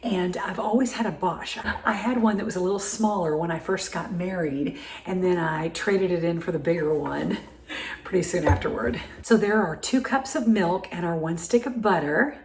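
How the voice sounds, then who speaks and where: A woman's voice: fairly low pitch, moderate pace, echoey room, slight background noise. A middle-aged woman with a Southern American accent, hosting a home cooking show in a cheerful, chatty, folksy way from her kitchen.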